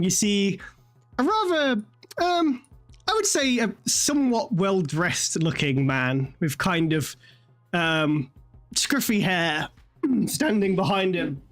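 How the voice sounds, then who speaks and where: Woman GM, laid-back narration, swears freely, lots of ums. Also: on the low side. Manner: casual, swearing, filler-heavy. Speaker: game master. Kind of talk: narrating a tabletop game.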